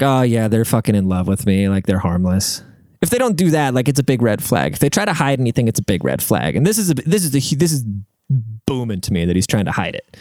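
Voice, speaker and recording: This is a dry, studio-quality recording of a young man with a medium-pitched, slightly mellow voice. Hosting an advice podcast, he rants about listener letters in a profane, blunt, emphatic way, swearing without restraint.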